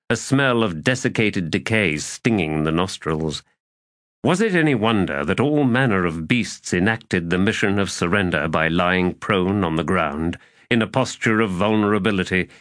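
A man reading a fantasy audiobook in a measured, solemn way. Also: on the low side, a bit bright, no room sound, studio quality. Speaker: audiobook narrator. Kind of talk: scripted fantasy narration.

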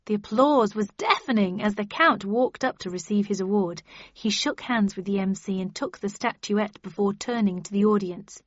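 A woman reading a first-person novel aloud in measured storytelling. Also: mid-range voice, no room sound, highs cut off. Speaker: audiobook narrator. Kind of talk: scripted first-person narration.

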